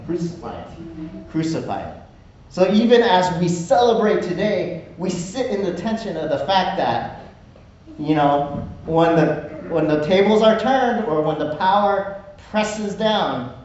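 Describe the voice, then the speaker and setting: A man's voice: high-pitched, expressive, a little slow, darkish tone, highs cut off. Man preaching in an echoey room, far off. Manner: conversational, asks "right?" often. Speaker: pastor. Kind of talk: sermon.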